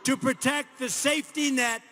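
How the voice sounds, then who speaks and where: Bright, emphatic man at a rally. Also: very high-pitched, steady tone, moderate pace. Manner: emphatic, repetitive, punchy phrases, shouts key lines. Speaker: speaker at a political rally. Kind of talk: rally speech. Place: large indoor arena. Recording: arena with long reverb, faint ambience.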